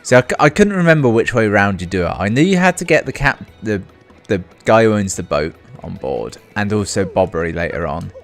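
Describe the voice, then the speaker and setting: A man's voice: on the low side, lively intonation, fairly quick, hardly any pauses, faint music behind. A man giving casual let's play commentary in a dry, self-mocking, rambling way.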